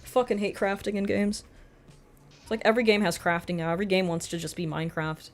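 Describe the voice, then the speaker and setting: A woman in her thirties streaming live, chatting casually with viewers, swearing freely and bursting into loud excited greetings. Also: medium pitch, fast talker, faint music behind.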